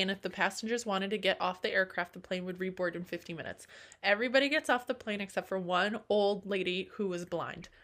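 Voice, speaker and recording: Woman, casual chat, reading jokes aloud, giggly, bright voice. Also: mid-range voice. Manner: giggly, laughs through punchlines. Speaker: co-host reading funny stories.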